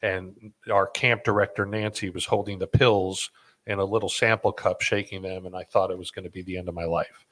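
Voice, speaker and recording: A lowish male voice in casual podcast conversation, full of ums and restarts as he tells a story. He laughs at himself along the way. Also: steady tone, a little fast, fairly bright tone. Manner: rambling with fillers and restarts, self-deprecating laughs. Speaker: podcast host.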